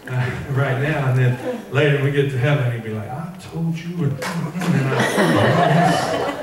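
A pastor preaching an animated, jokey sermon and acting out the voices of others. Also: male voice, on the high side. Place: large church sanctuary. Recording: echoey church hall, mic far off, congregation audible.

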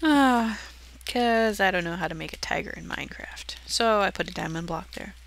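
A woman's voice: mid-range voice, moderate pace, vocal fry, a bit bright. Giggly, chatty young woman touring a game build. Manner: giggly, self-deprecating, chatty. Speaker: channel host touring her build. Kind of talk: casual game walkthrough commentary.

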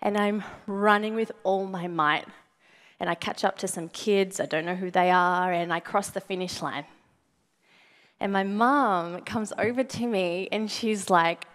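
Woman motivational speaker, young adult, animated storytelling, asks the audience questions, acts out her own lines, voice of moderate pitch. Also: a little slow. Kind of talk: storytelling keynote talk to a live audience.

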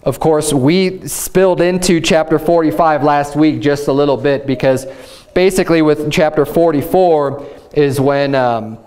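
A man's voice: fairly high pitch, darkish tone. Conversational man preaching a sermon. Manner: conversational Bible teaching with many fillers and restarts; reads scripture slowly, acts out speakers in a raised voice. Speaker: pastor.

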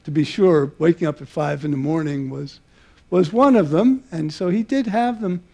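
Older man, gravelly, unhurried lecture. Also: a little high. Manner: halting, many filler pauses, warm reminiscing. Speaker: mathematician giving a public talk. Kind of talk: public lecture with personal anecdotes. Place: museum lecture hall before an audience.

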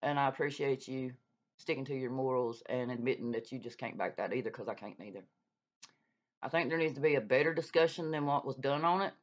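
In a very deep, brisk voice, a woman rants on her channel, calling out another YouTube creator with blunt, profane scolding. It's a heated casual rant recorded with dull lo-fi sound.

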